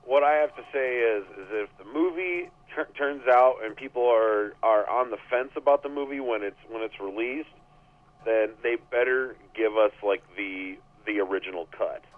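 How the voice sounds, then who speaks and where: A man co-hosting a podcast, chatting casually with blunt, opinionated remarks and halting restarts. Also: mid-range voice. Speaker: podcast co-host. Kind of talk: casual chat. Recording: tinny phone-line sound.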